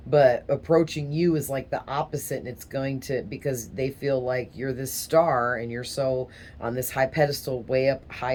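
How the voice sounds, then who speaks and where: A woman's voice: very deep voice, a little mellow, a little hiss or hum. A woman giving a casual tarot reading, talking in a rambling, hesitant way with small stutters. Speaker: tarot reader.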